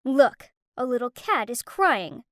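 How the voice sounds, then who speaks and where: A woman voicing a cocky young male thug in an animated story, taunting and smirking. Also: fairly high pitch, takes it slowly, no room sound, studio quality.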